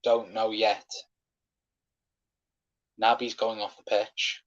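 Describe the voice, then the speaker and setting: A young man, hosting a live football watchalong and calling the match as an excitable fan who swears when frustrated. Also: on the low side, takes it slowly, highs cut off.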